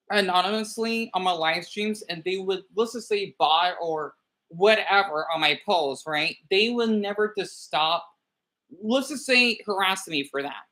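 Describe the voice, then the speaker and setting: A man's voice: sits high, sharp tone. Rambling, irritable man livestreaming. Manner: rambling and irritable, stumbles and repeats words. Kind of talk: livestream commentary reading comments aloud.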